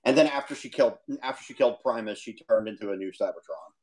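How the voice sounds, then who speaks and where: A co-host chatting and telling stories casually on a stream, animated and quick to laugh. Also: medium pitch, a little hiss or hum. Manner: animated storyteller, laughs easily.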